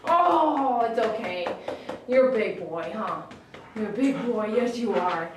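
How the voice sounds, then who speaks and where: Speaking slowly with lively intonation, a woman with a voice on the high side coos and baby-talks to a dog she's grooming. She's a groomer and channel host live-streaming from a salon. The echoey room, far-off mic, and noisy background all come through.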